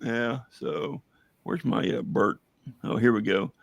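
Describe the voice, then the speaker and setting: A hoarse man chatting casually on a livestream as a veteran guest, rambling with many fillers and telling jokes. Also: medium pitch, slow, no room sound. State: hoarse, losing his voice. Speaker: veteran guest running a coffee business.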